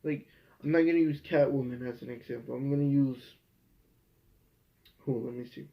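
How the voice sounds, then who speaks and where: A man's voice: mid-range voice, fairly even intonation, normal speed, gravelly. A young man hosting a casual review show, ranting in an exasperated, profane way. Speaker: host. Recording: dull lo-fi home recording.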